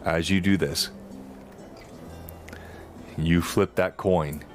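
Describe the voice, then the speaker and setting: Man, game master, lowish voice, narrating a tabletop game, faint music behind. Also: steady tone, drawn-out words. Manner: thanks chat and players, laughs easily.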